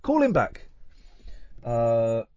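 A man's voice: mid-range voice, huge pitch swings, very slow, darkish tone, smooth, dry recording, muffled recording. A man hosting a late-night radio show, rambling and teasing his co-host in a playful, chatty way. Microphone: studio microphone.

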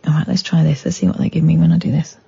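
A woman hosts late-night talk radio in a chatty, wry way, reading news items with mock-dramatic emphasis. Her voice is low and mellow. The broadcast sounds slightly dull, with faint music underneath. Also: level tone, very fast, gravelly, husky, no room sound. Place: radio studio. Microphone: studio microphone.

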